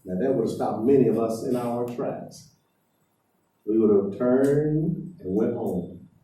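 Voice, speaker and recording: A man's voice: medium pitch, a little slow, dark tone, far from the mic. A man preaching a sermon, speaking emphatically and putting questions to his congregation, in a church hall. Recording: echoey hall heard from afar.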